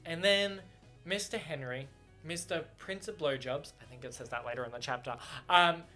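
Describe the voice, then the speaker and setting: A man talks about his current book in a casual on-camera chat, recorded on the camera mic with faint music behind. Bubbly and giggly, he uses many fillers and restarts, and his slightly high voice has a sharp tone at normal speed.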